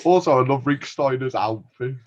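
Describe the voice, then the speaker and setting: A man's voice: medium pitch, moderate pace, lo-fi sound. A man co-hosting a podcast, telling stories animatedly and swearing freely. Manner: animated, sweary, laughing storyteller. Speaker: podcast co-host. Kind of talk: casual chat.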